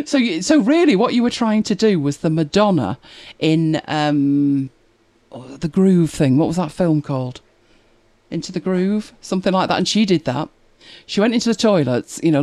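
Chatty woman, lively pitch. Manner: chatty storyteller, laughs often. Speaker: live stream host reading viewer comments. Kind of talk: casual chat.

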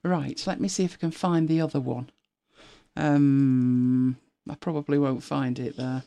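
A woman's voice: rumbling low, fairly even intonation, unhurried, gravelly, mellow. A middle-aged woman hosting a casual live stream, chatting and laughing with viewers and greeting them by name.

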